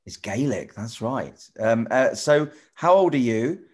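A man presenter chatting with children in a casual video call, rambling and restarting often, gentle and encouraging. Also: medium pitch, lively intonation, unhurried, breathy edge. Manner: rambling, stop-start, many repeated "you know". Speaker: TV presenter answering children's questions.

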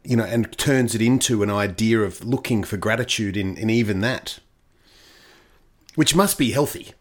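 A man's voice: on the low side, normal speed. A man co-hosting a podcast, summing up points and steering the casual talk back to the topic. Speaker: podcast co-host. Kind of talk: casual conversational chat.

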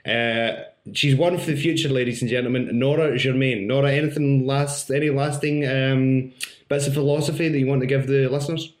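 A man's voice: mid-range voice, fairly even intonation, brisk. A man hosting a podcast, teasing his guest with dry humour. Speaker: podcast host. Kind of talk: casual podcast interview. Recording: echoey room.

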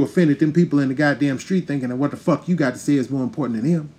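A man's voice: mid-range voice, rapid-fire, few pauses, a little mellow. Profane ranting man, heated and emphatic. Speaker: podcast host. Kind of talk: ranting monologue.

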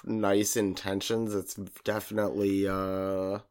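A man's voice: deep voice, little pitch movement, slow pace, crowd noise. A man co-hosting a podcast, chatting casually and cutting in with hesitant, jokey remarks. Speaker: podcast co-host. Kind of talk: casual chat.

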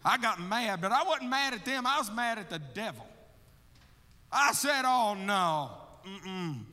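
A male missionary preaching a testimony sermon, animated and storytelling, acting out his own prayers and calling listeners brother. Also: very high voice, normal speed. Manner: calls listeners brother, laughs between stories. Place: church sanctuary. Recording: long hall reverb from a church.

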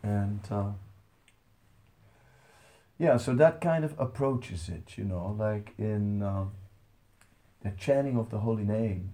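Man, spiritual teacher, devotional talk, gravelly voice, conversational storytelling, soft-spoken. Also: on the low side, slow pace, long pauses.

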